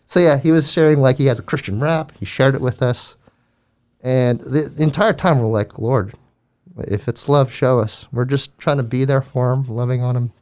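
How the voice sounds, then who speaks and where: A man's voice: mid-range voice, a little fast. A man earnestly telling a faith story in casual conversation, acting out the quotes. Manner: earnest, animated retelling with acted quotes. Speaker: guest telling a ministry story.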